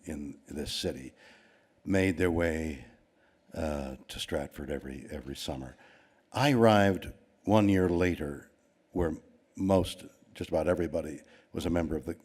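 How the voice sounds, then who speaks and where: A man's voice: extremely low pitch, darkish tone, husky. An older Canadian man telling a rambling anecdote to an audience, with many restarts and quoted voices. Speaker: award recipient giving a speech.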